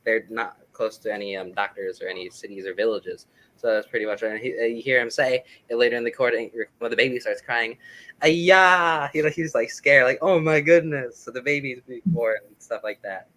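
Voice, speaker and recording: A man's voice: lowish voice, fairly even intonation, fast, fairly bright tone, poor audio. A man talking casually as an interview guest, explaining his records with lots of fillers and restarts. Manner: rambling, filler-heavy, enthusiastic explaining.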